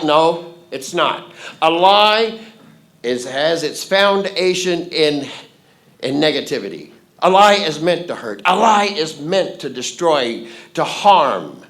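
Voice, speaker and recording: Male storyteller, folksy and playful, lively swooping delivery, live theatre. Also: fairly high pitch, a little slow. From Fort Worth, Texas. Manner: folksy, playful, leads audience call-and-response. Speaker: storyteller host. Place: theatre stage before a live audience.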